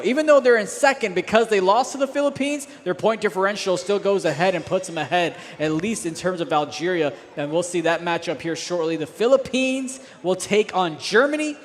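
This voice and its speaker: A man's voice: high voice, long reverb tail. A man co-hosting a live esports show, teasing his partner and laughing often. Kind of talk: live esports studio chat.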